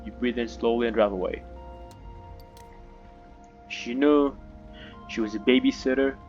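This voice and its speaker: Excitable man playing a story game. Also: mid-range voice, measured pace, highs cut off, soft background music. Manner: excitable, chatty, many fillers and self-corrections. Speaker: gaming video host. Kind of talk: reading game text with live reactions.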